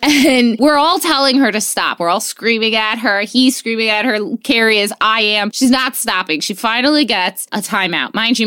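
A woman's voice: medium pitch, sharp tone, dry recording, clean studio sound. A woman in her thirties, co-hosting a podcast, telling stories in a chatty, laughing way. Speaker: podcast co-host. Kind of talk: casual chat.

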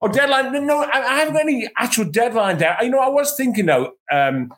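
A man on a football panel in casual chat, telling anecdotes in an animated way and restarting his words often. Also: very high voice, a little fast. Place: at home, remote.

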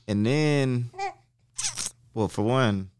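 A man's voice: medium pitch, drawn-out words, background noise. A man talking as a podcast guest in a casual chat, laid-back with loose, slangy phrasing.

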